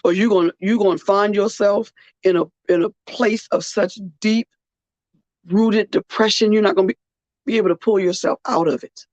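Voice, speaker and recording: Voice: medium pitch, fairly even intonation, normal speed, darkish tone, no echo. A podcast host, tired and earnest, speaking in a personal heartfelt monologue and repeating phrases for weight. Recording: dull, muffled dry recording.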